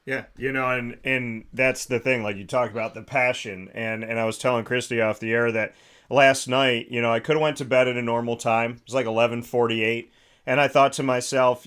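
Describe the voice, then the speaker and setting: A man hosting a radio interview, talking in a relaxed, reflective way. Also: medium pitch, brisk. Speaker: radio show host. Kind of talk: casual interview talk.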